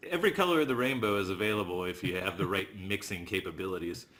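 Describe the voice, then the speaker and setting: A man's voice: low-pitched, quick pace, a bit bright. A man hosting a virtual open mic, upbeat and welcoming as he introduces a guest.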